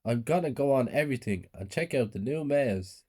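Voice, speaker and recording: A man's voice: mid-range voice, lively intonation, moderate pace, darkish tone, husky. A man voicing a bullied boy who pleads with his family, his voice raised and strained. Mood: pleading.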